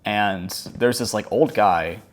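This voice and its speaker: A man's voice: on the low side, slow pace. A man telling a casual story over gameplay, rambling along with many fillers like "like" and "um". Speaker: gaming channel host.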